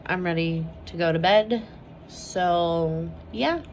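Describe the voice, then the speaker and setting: Slow, low-pitched candid mom vlogger. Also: female voice, darkish tone, a little hiss or hum. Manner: candid and emotional, peppered with "like" and swearing. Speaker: mother vlogging about her family. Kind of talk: casual personal vlog chat. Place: at home.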